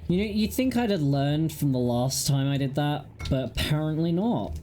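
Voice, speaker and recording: A woman's voice: low voice, animated, normal speed, dark tone, slight background noise. A young woman streaming a horror game, joking at herself and reacting aloud in a playful, casual way. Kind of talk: casual live gameplay commentary. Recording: stream with faint game music.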